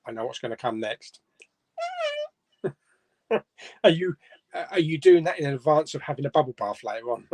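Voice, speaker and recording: A man's voice: mid-range voice, animated, normal speed, long pauses, a little mellow, dry recording. A man hosting a casual live stream, reading viewer comments aloud and chuckling between them. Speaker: host of a live chat stream. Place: home room.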